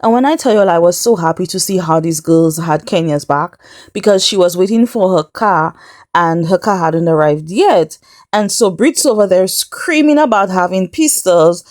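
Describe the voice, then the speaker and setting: This woman's voice is lowish and a little mellow, moving at normal speed as she casually recaps a reality show for her vlog. She sounds incredulous and laughs frequently, with no echo and studio-quality audio.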